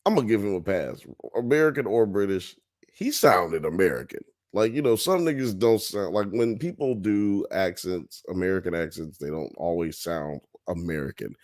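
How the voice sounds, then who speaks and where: A man's voice: low voice, normal speed. A man hosting a podcast, chatting loosely and profanely with his co-hosts. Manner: loose, profane, animated banter. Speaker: podcast host. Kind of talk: casual chat.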